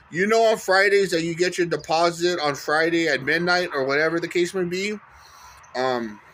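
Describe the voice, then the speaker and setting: Earnest, fairly high-voiced man vlogging. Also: a bit bright. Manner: earnest and encouraging, with fillers and self-corrections. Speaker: faith vlogger. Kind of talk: casual testimony.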